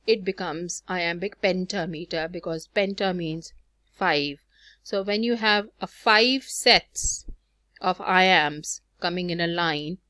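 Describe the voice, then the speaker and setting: A woman's voice: lowish voice, a bit bright, no echo, studio quality. A woman teaching a recorded lesson on poetic meter, explaining step by step, counting through examples with frequent fillers. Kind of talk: recorded lecture on poetry.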